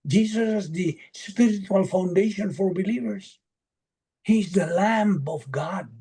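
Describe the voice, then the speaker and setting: A Bible study leader speaks slowly over a video call, with a husky, mellow voice. Questions are posed and answered one after another, with verse references listed along the way. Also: medium pitch. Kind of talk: teaching an online Bible study.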